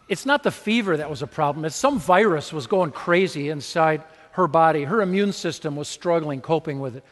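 A man preaches to his congregation in a loose, animated way, slipping into little acted-out scenes. His voice sits a little high. The sound carries the long reverb of a church hall. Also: brisk, few pauses. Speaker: pastor. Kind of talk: sermon.

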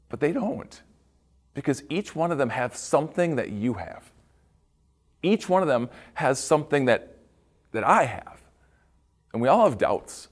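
A middle-aged man who serves as a school pastor gives students a devotional talk, acting out the quotes as he tells the story. His voice is mid-range.

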